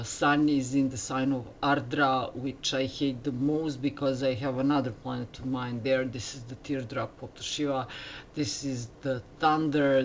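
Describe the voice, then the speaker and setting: A man's voice: a little high, a little hiss or hum. A man giving an earnest astrology talk, hesitant and full of fillers.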